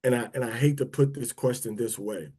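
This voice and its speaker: The livestream's speaker sounds warm and a bit breathy, talking a little fast at medium pitch. He rambles casually to viewers during prayer and teaching, restarting often and drawling words to make a point.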